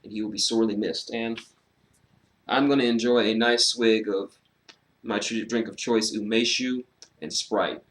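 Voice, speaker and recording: A man with a fairly low-pitched voice reviews a wrestling show alone at a normal speed, leaving long pauses. He's casual, animated, and sarcastic, swearing freely and using fillers often.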